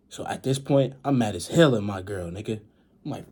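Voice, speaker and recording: A young man in a casual storytime vlog, retelling events in an animated, slangy, dramatic way with a husky voice. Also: lowish voice, fast. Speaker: vlogger.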